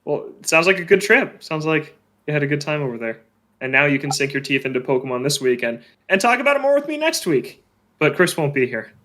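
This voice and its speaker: A male podcast host with a bright, forward voice that swings widely up and down in pitch. He moves through a news rundown with quick, wry asides. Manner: quick wry remarks, lively reading of news lists.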